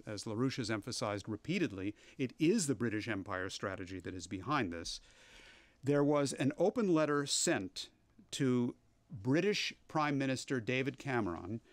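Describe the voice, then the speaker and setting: A man presenting a political news briefing on a webcast, speaking in a measured, emphatic way with the odd filler. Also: medium pitch, dry recording.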